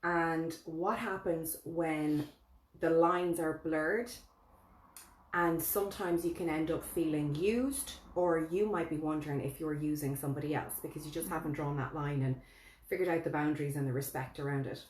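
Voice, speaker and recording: A woman co-hosting a casual live chat, expressive and quick to laugh. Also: low voice, slight background noise. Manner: chatty, laughs easily, expressive. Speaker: co-host. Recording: echoey room.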